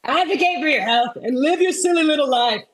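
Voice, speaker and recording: A woman's voice: high voice, a little fast. A woman in her thirties from Texas, a comedian giving a keynote talk as a chatty, self-deprecating storyteller while getting over a sinus infection. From Texas, USA. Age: 30s. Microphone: remote presentation.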